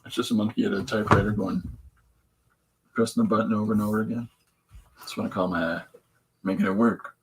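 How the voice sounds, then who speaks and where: A man with a fairly low, steady voice hosts a live stream, drawing comics while he chats loosely and cracks jokes. He talks fast, pauses often, and keeps restarting as his rambling talk wanders. Heavy background noise runs under it all.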